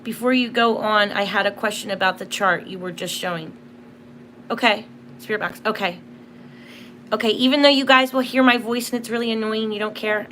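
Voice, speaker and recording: A woman's voice: medium pitch, sharp tone, a little hiss or hum. A young woman hosting a casual livestream from home, telling stories in a chatty way full of fillers. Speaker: livestream host.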